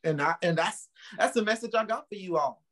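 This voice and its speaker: A man's voice: sits high, animated, brisk, fairly bright tone. A man co-hosting a casual podcast, speaking in an emphatic, motivational way and laughing easily. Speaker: podcast co-host.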